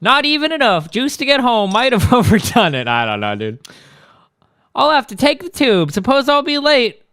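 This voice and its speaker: A man reading comic lines as a chipper young British heroine in a rush, in a high put-on voice with an attempted British accent. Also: normal speed, clean tone, no echo, clean studio sound, heavily acted. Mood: weary. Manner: breathless, excitable, reading comic lines aloud.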